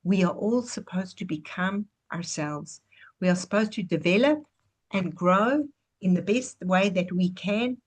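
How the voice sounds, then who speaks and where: A woman's voice: lowish voice, a little slow. A woman giving an earnest, reflective inspirational teaching over a video call, telling stories as she goes. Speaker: guest teacher.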